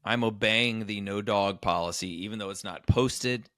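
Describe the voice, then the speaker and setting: A man co-hosting a podcast, telling an animated story in a casual chat. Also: moderate pace, dry recording, clean studio sound. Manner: animated storyteller, acts out quoted people in higher voices. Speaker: podcast co-host, comedian.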